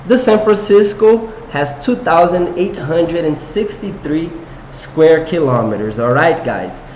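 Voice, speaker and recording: A man's voice: a little high, expressive, unhurried, a little mellow, reverberant, slight background noise, rough recording. A man teaching an English grammar lesson to viewers, encouraging them and quizzing them with questions. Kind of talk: live online English lesson.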